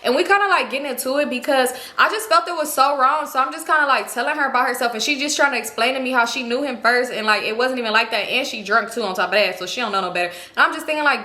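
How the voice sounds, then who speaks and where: Young woman vlogger, gossipy storytime, high bright voice, echoey room. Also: fast talker, few pauses. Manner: animated, gossipy, acts out quotes. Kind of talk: casual storytime.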